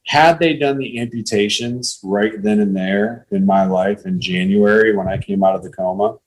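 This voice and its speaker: A man's voice: fairly low pitch, moderate pace, rough recording. A man in his late thirties, a podcast guest, telling his faith story in an earnest, plain-spoken way over a call. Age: 30s. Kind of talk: testimony in casual conversation.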